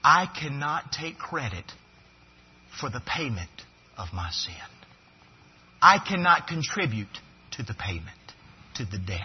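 A man's voice: mid-range voice, sing-song, measured pace, long pauses, husky, muffled recording. A man preaching a sermon as pastor, building to fervent, emphatic repetitions.

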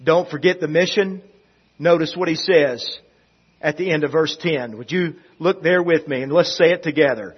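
Husky high-voiced man preaching. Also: normal speed, dull audio. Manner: preaching with call-and-response reading; swells loud then drops to quiet. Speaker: pastor. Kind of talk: sermon.

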